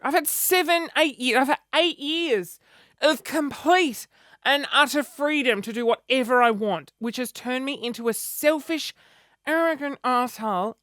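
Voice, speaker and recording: A man's voice: very high voice, a bit bright, dry recording, clean studio sound. A man in his thirties chatting casually to camera in a self-mocking, dramatic way. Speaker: vlogger.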